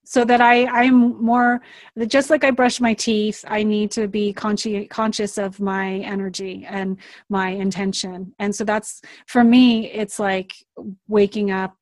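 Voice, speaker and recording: A woman's voice: mid-range voice, level tone, a little slow, no echo. A woman talking as an interview guest, candid and casual, swearing freely and laughing often. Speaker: guest, author of a card deck.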